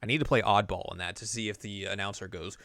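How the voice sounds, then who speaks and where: A man's voice: fairly low pitch, fairly even intonation, fast, a bit bright. A man co-hosting a podcast in casual chat, laid-back and chatty, with dry asides and chuckles. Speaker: podcast co-host.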